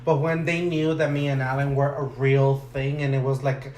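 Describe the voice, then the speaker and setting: A man's voice: medium pitch, level tone, moderate pace, darkish tone, roomy sound. A man in a casual podcast chat, speaking supportively and asking follow-up questions.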